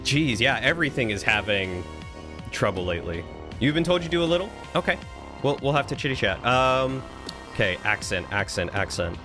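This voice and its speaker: A man streaming a game, chatting loosely with his viewers. He rambles as he reads and answers their messages, with faint music playing quietly behind him. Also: medium pitch, very animated, moderate pace. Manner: rambling, reading and answering chat. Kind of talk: casual live-stream chat.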